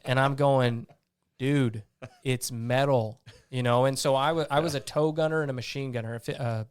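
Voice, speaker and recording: A man's voice: medium pitch, quick pace, smooth, no echo. A man being interviewed as a guest, an army veteran telling blunt stories in a casual way and acting out what he and others said. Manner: animated storyteller who acts out his own past lines; blunt, salty.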